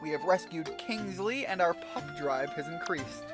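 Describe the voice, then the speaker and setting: A gamer chats casually through a let's-play session with game music in the background, rambling while he plays a video game. His voice is on the high side with lively intonation and a slightly slow pace, and he occasionally jokes and swears.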